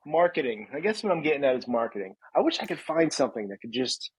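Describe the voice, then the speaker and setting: A man's voice: medium pitch, big pitch swings, fast talker, slight background noise, poor audio. A man in his thirties co-hosting a podcast in casual chat, ranting and laughing at his own jokes. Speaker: podcast co-host.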